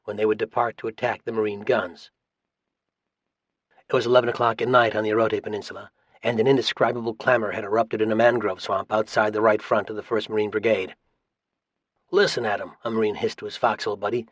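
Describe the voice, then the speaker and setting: A man narrating a military history audiobook in a measured, steady reading voice. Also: fairly low pitch, dry recording. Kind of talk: scripted narration.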